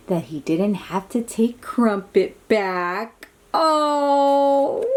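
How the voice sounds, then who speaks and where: Animated, slow-paced woman reading to kids. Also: medium pitch. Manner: animated, exclamatory, chatty asides to young listeners. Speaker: children's book reader. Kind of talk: read-aloud storytelling for children.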